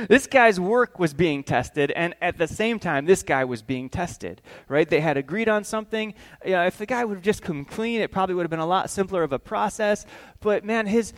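A man preaching a sermon, telling a family story with acted-out voices and questions to the congregation. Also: high voice. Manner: animated, acts out voices, asks the room questions. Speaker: pastor.

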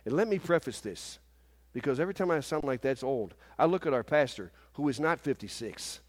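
A man in his fifties preaching a sermon in a church service, animated and often asking the congregation "Amen?". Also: medium pitch, a little fast, in a large hall. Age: 50s.

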